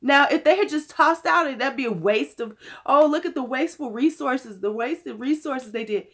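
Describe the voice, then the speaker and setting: Hoarse, blunt woman in her fifties. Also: sits high, normal speed, a bit bright. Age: 50s. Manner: blunt, cursing, chatty. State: hoarse from illness. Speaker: beauty vlogger. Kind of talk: casual chat to camera.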